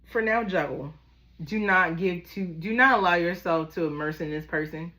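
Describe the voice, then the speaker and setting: A woman with a Baltimore accent and a voice pitched a little low. She chats through a tarot reading like she's talking to friends, loose and familiar, calling everyone "y'all" and "baby.". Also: normal speed, pushed and bright. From Baltimore, USA. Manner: chatty and familiar, calls listeners "y'all" and "baby". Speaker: tarot reader. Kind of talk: casual tarot reading to camera.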